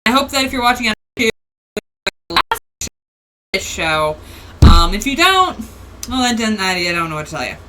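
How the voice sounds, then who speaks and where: A woman's voice: fairly high pitch, sing-song, normal speed, long pauses, very noisy. A woman hosting a casual livestream, rambling through tangents and laughing often. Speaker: host.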